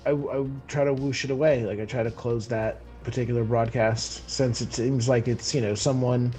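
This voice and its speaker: A man's voice: mid-range voice, fairly even intonation, normal speed, warm tone, faint music behind. A man playing a tabletop role-playing game, chatting casually with many fillers. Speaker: player.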